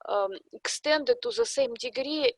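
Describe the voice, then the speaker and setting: A woman's voice: high-pitched, measured pace, dry recording. A woman with a Russian accent, a guest expert in a podcast interview, explaining things step by step with examples.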